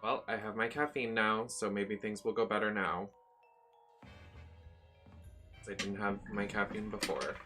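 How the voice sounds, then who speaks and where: A man giving live commentary on a video game, excitable and profane, shrieking when thrilled. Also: on the low side, a little slow, pauses often. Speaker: streamer. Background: faint game music.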